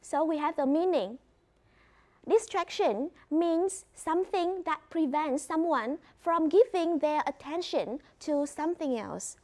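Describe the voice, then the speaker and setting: Woman, Vietnamese accent, English teacher, high voice, clear instructive classroom delivery. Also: lively intonation, measured pace, darkish tone. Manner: clear, instructive, mixes in explanations in her first language. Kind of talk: classroom lesson.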